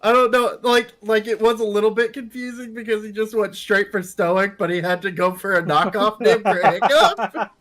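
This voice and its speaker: A high-pitched man jokes his way through a tabletop role-playing session. He teases the other players and often breaks into laughter. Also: normal speed, a bit bright. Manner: joking, laughs between lines. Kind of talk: casual actual-play chat.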